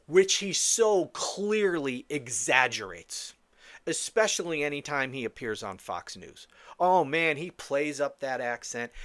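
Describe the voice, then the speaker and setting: A man's voice: on the high side, fairly bright tone, dry recording. A man hosting a solo political commentary podcast, blunt, scornful and profane, rambling with frequent restarts. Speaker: podcast host.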